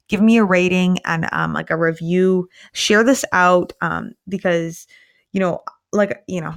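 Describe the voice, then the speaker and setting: A woman's voice: lowish voice, a bit bright. A woman who is a police officer hosts a podcast in a casual, rambling monologue, swearing freely and talking tired late at night. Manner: rambling, profane, emphatic, many fillers.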